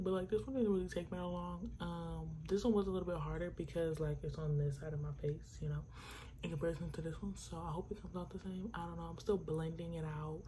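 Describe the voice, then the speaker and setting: A woman's voice: fairly low pitch, fairly even intonation, a little fast, mellow, a little hiss or hum. A young woman hosting a makeup tutorial, chatting casually and enthusiastically to viewers, peppering her talk with "like" and the odd swear. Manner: enthusiastic, talks straight to viewers.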